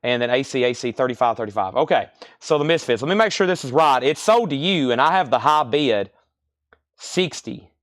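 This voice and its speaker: A man running a live online record sale, calling out bids, buyers and prices in a rapid, repetitive patter. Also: mid-range voice, animated, a bit bright, no echo, studio quality. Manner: rapid-fire, repetitive calls of sales and prices. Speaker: live-stream record seller.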